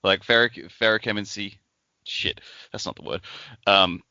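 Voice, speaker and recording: A man's voice: on the low side, steady tone, moderate pace, bright, forceful tone, no echo, highs cut off. A man co-hosting a casual book podcast, rambling through theories and swearing casually. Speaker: podcast co-host.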